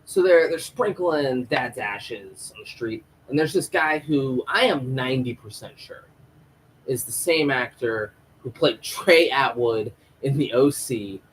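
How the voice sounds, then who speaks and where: A man's voice: mid-range voice, lively intonation, measured pace, slight background noise, low-quality recording. A man hosting a live stream review of a TV episode, ranting and rambling in a casual, profane way into a home microphone.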